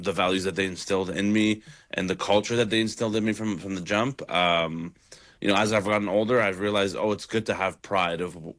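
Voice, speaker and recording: A young man from Toronto, a comedian guest, talking in a relaxed, rambling way on radio. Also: low-pitched. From Toronto, Canada. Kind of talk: casual radio interview.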